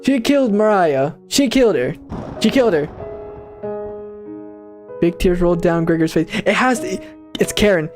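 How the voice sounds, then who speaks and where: A man casually commenting on a game he plays for the first time, reading its lines aloud and bursting into slangy, excitable reactions. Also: on the high side. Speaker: gaming channel host.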